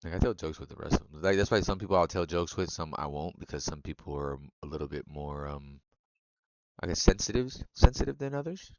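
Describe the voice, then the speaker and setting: A man with a very deep voice rattles on quickly in a loose, profane stream chat with his viewers and laughs often. The sound is dry and close, through a dull lo-fi stream mic. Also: flat delivery, dry recording. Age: adult. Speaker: game streamer. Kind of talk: casual live-stream chat.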